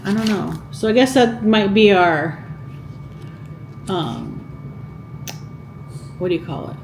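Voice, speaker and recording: A woman's voice: fairly low pitch, reverberant, slight background noise, poor audio. A woman vlogging casually, reading out items from a vintage cookbook and musing aloud with questions to her viewers. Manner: chatty, muses aloud and asks viewers questions. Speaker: cooking vlogger.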